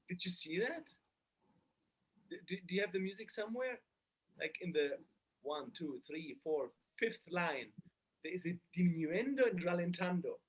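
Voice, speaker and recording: A man's voice: high voice, animated, normal speed. A man teaching a cello masterclass, hesitant and often restarting, singing phrases to show them. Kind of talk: masterclass coaching. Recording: cello music playing behind.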